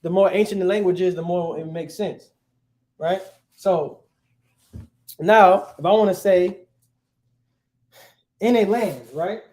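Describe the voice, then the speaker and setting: Taking it slowly with long pauses, a language teacher with a high-pitched, darkish voice talks casually to his class. He checks in with the students often, tagging lines with "right?".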